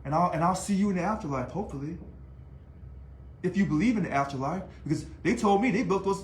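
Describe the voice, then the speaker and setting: Man, casual to-camera monologue, taunting rhetorical style, high voice, roomy echo. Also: quick pace, slight background noise. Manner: animated, taunting, rhetorical questions. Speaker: union leader. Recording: echoey room.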